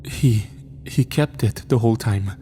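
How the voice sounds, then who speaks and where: A man's voice: on the low side, measured pace, warm tone, a little hiss or hum, lightly acted. A man voicing a frightened teenage boy who stutters and pleads, in a spoken horror story. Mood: nervous.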